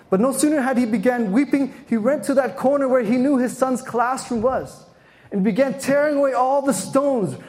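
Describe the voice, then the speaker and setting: High-voiced man telling an earnest faith story. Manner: earnest storytelling, dramatic swells and hushes. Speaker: workshop speaker. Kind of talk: faith talk to parents with a story.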